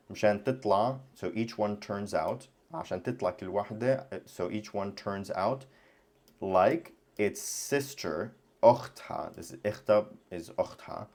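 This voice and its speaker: A man's voice: low-pitched, a little mellow. A man teaching a language lesson at his computer, talking casually and thinking aloud, with many fillers and restarts. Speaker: Arabic teacher.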